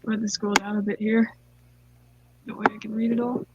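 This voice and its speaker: A woman's voice: medium pitch, flat delivery, fairly quick, very noisy. A young woman casually reading online stories aloud, giggling and rambling off into side comments. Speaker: story reader. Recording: dull lo-fi dry mic.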